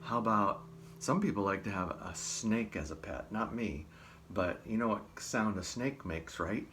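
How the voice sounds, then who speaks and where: A man's voice: lowish voice, unhurried, fairly bright tone, a little hiss or hum. A man hosting a library storytime, talking cheerfully and directly to young children. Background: acoustic guitar playing.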